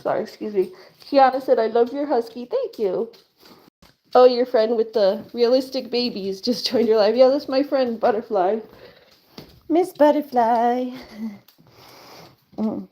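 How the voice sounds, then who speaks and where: With a fairly high, mellow voice, a woman speaks unhurriedly and pauses often as she hosts a casual home live stream. She rambles to viewers over a phone or webcam, peppering her talk with "like" and little laughs and cooing to her pets.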